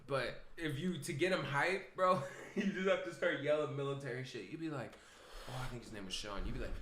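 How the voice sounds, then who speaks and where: A man's voice: on the high side, brisk. A man co-hosting a casual podcast, telling rowdy stories full of swearing and laughter. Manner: profane, laughing, animated storyteller. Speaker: podcast co-host. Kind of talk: casual storytelling chat.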